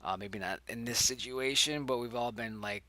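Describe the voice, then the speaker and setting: There is no room sound as a young man with a mid-range voice, at moderate pace, reads his own screenplay while chatting casually and thinking aloud. He rambles, fixes his own words, and at times sinks into a hushed whisper.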